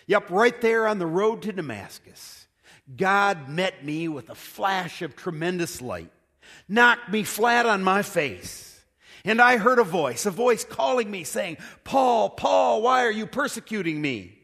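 A boastful, showy preacher telling his own dramatic conversion story, as a male pastor puts him on. The voice sits fairly high for a man and moves at an unhurried pace. A long reverb from the hall trails every line. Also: very animated, bright, forceful tone, exaggerated voice.

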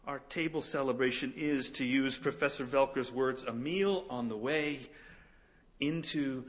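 A middle-aged man preaching a sermon as pastor, swinging between emphatic peaks and soft, slow, quiet passages. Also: mid-range voice.

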